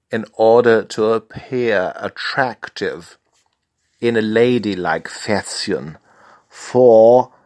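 A man narrating a comic story in a mock-grand, deadpan manner, mixing fancy words with swearing. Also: sits low, no echo, studio quality.

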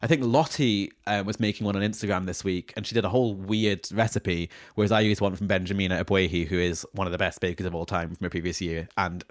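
A man's voice: deep voice, fairly even intonation, fast, few pauses, no echo. A man co-hosting a podcast in casual chat, dry and teasing with cheeky asides. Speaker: podcast co-host.

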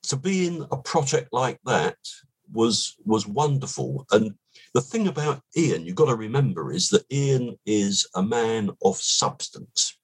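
An older man with a low, husky voice and a lively, rising-and-falling delivery. He tells his stories slowly and at length, a guest settling into a relaxed chat. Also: poor audio. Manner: unhurried anecdotal telling, lively pitch. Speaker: podcast guest. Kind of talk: relaxed storytelling.

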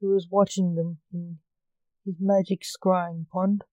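Slow, mellow woman reading a story. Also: lowish voice, level tone, no echo, dull audio.

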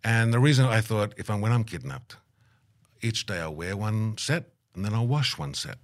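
Speaking at a normal pace in a fairly low voice, a middle-aged man who works in aid recounts a travel tale during an interview. He performs the quotes as he tells it and laughs frequently.

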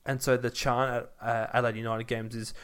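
A man's voice: mid-range voice, little pitch movement, fairly quick, clean tone. A man co-hosting a podcast in casual chat, rambling through anecdotes and singing snippets of chants. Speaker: podcast co-host.

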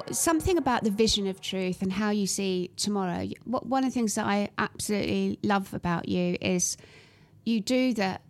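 A woman with a mid-range voice hosts an interview. She asks her questions with open, effusive admiration. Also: mid-range voice. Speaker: interview host. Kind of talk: casual interview chat.

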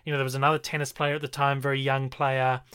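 Bright, clear-voiced man reviewing films. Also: mid-range voice, little pitch movement, fast talker. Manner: enthusiastic, rambling with fillers and restarts. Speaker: film reviewer co-host. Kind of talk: casual film review chat.

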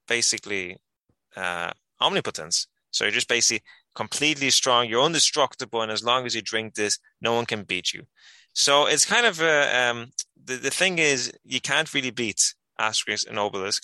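A man with a very bright, crisp-edged voice recommending books in a casual podcast chat. He rambles eagerly and restarts his sentences often. The sound is close and completely dry. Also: fairly low pitch, no echo, low-quality recording. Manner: enthusiastic and rambling, with many restarts. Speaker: podcast co-host.

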